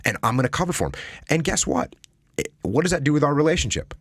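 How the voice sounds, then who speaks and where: A man's voice: on the high side, big pitch swings, fast, fairly bright tone, slightly rough, no room sound, clean studio sound. A man guest on a podcast, talking emphatically and acting out example conversations. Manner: emphatic, acts out example dialogues. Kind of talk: casual conversation.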